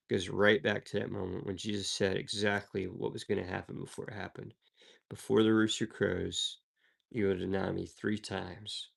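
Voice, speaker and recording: Gravelly low-voiced man teaching scripture. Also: a bit bright. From American South. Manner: reads verses then explains them, conversational asides. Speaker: Bible teacher. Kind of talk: devotional Bible reading and commentary.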